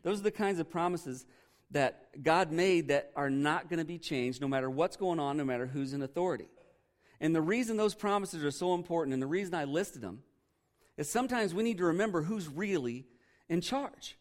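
Conversational preaching man, slightly high voice. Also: animated, a little fast. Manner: conversational preaching, quizzes the congregation. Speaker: pastor. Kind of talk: sermon.

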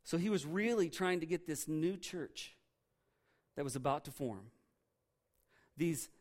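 A man preaching a sermon as pastor, earnest and emphatic, repeating key phrases and dropping softly low on the lines he stresses. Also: expressive, unhurried.

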